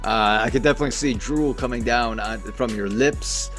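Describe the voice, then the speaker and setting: A man's voice: mid-range voice, moderate pace, hardly any pauses, a bit bright, faint music behind. A man co-hosting a casual sports podcast, bantering loosely and jokingly with plenty of fillers. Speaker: podcast co-host.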